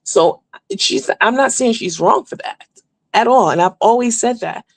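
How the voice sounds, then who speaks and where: Woman host for a celebrity gossip rundown, blunt and candid, lots of fillers, gravelly edge, dry close sound. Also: on the high side, unhurried, no room sound. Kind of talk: casual celebrity gossip commentary.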